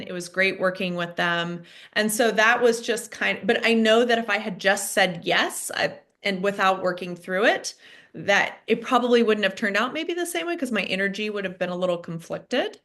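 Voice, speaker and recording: A woman's voice: mid-range voice, normal speed, a bit bright. Earnest, reflective woman guest. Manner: thoughtful, earnest, lists feelings one by one. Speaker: guest author. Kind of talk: reflective conversational interview.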